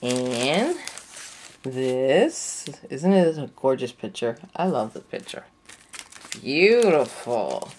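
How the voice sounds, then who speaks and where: A woman vlogger gushing with excitement as she unboxes a craft kit, gasping and cooing over each item, sounding a little sleepy. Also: rumbling low, slow pace, slight background noise. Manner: effusive, breathy gasps and squeals of delight.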